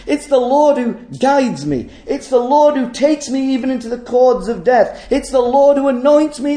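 A man's voice: very high-pitched, dark tone, reverberant. A man preaching a sermon, emphatic and full of rhetorical questions.

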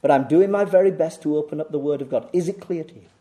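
An emphatic male preacher with a fairly high voice and a deep, mellow, warm tone. He presses each point home by repeating key words and firing rhetorical questions at his congregation. His delivery swings from urgent, raised declarations to hushed, low asides. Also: fast talker. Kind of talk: sermon.

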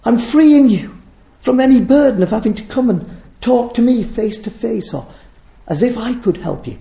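A man preaching a sermon in a church, his voice high for a man and gravelly, with a mellow, dark tone. He presses his points emphatically and repeats phrases for stress. The room around him echoes. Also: lively intonation, normal speed.

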